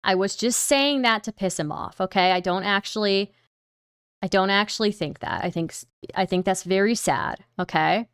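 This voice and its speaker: A woman livestreamer talks loosely to her chat, rambling and swearing now and then. Her voice is smooth and clear, recorded close with no room sound. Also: medium pitch, moderate pace, dry recording. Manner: rambling, swears, laughs often, reads donations aloud. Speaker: streamer.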